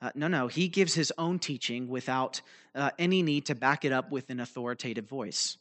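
In a teaching sermon, a man explains a Bible passage in a loose, explanatory style, using fillers and restarts and often checking in with "right?" and "okay?" His voice is medium-pitched and fairly bright, and his pace moderate.

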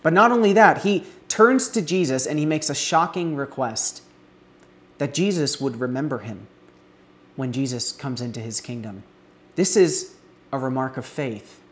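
A man preaching an expository sermon, earnest, building emphasis on key words and pausing to restart now and then. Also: mid-range voice.

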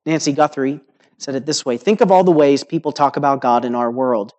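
A man preaching a sermon to a congregation, earnest and emphatic, slowing on key words and checking in with "right?". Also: mid-range voice, a little mellow. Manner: earnest preaching with emphatic rising phrases and slow stressed words; uses filler "right?" and "okay?" to the congregation. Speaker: pastor.

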